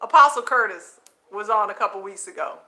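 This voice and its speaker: A woman hosting her own channel, preaching casually to viewers she calls family, animated and repeating phrases for emphasis, laughing often, recorded at home at night with her children nearby. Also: medium pitch, brisk. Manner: laughs often between points.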